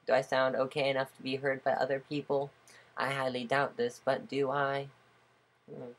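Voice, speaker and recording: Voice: mid-range voice, completely flat delivery, normal speed. A playful speaker in a small indoor room on a webcam mic, trying out different voices and asking rhetorical questions aloud. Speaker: vlogger. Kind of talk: casual webcam vlog, testing different voices.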